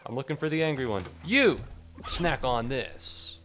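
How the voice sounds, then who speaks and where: In a mid-range, slightly bright voice, a gaming streamer talks fairly quickly over soft background music. He's chatty and swears freely, talking to creatures in the game and to his chat between bouts of play.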